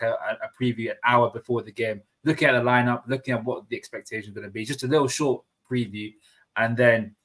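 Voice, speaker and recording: A man's voice: mid-range voice, a bit bright. A man co-hosting a casual football livestream, laid-back and full of fillers. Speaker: co-host.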